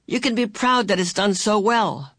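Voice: mid-range voice, moderate pace, dry recording, clean studio sound, voice pushed up, lightly acted. A reader doing a cheery, motherly old spirit woman. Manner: bright, lilting, fond, calls listeners "dear". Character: cheerful motherly old female being, eccentric and kind. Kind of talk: audiobook character voice.

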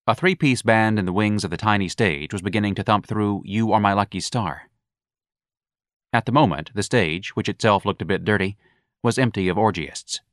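Low-voiced man narrating a novel. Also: normal speed, no room sound, studio quality. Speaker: audiobook narrator. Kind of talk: scripted narration.

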